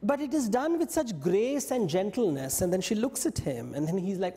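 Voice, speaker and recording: A man giving a lecture, telling stories in an animated way and briefly acting out what the characters say. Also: high-pitched, normal speed, in a large hall. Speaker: invited speaker. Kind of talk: lecture on mythology. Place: yoga studio talk.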